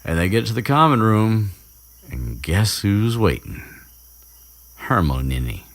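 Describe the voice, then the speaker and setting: A man retelling a book chapter in casual chat, rambling with many restarts and fillers and dropping into quick voices for the characters. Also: lowish voice, very animated.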